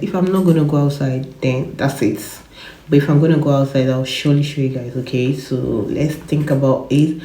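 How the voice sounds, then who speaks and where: A woman's voice: sits low, dark tone, echoey room. A woman in her twenties with a cough, chatting to camera, rambling and repeating herself. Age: 20s. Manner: chatty, rambling, repeats words, laughs often. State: has a cough. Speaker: vlogger. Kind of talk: casual chat to camera. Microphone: phone camera.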